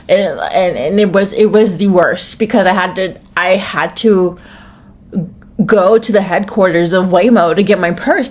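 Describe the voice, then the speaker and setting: American woman ranting on her own podcast, swears a lot, rambly, says like constantly. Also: on the low side. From United States. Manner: rambling, profane, restarts and many "like"s. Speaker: podcast host. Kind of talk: solo podcast rant.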